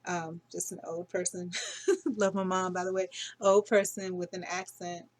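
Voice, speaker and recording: A woman's voice: lowish voice, level tone, moderate pace, darkish tone. A middle-aged woman talking casually through her dreams in a rambling, unsure way, full of fillers and self-corrections. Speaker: dream vlogger. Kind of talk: casual dream diary monologue.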